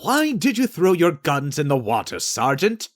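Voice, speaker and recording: A man reading an audiobook, voicing a fussy, easily flustered male naval commander in a higher, pompous voice. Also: huge pitch swings, normal speed. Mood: exasperated.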